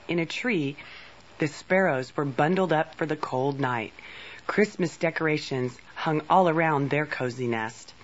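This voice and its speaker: Slow, husky woman reading a storybook. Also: sits low, dull audio. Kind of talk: children's storybook read-aloud.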